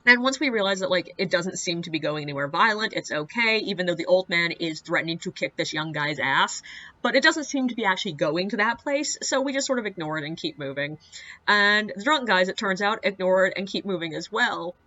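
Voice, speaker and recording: Bright, wry woman telling a story. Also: on the low side, expressive, fairly quick, muffled recording. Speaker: ghost tour guide. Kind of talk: casual storytelling vlog.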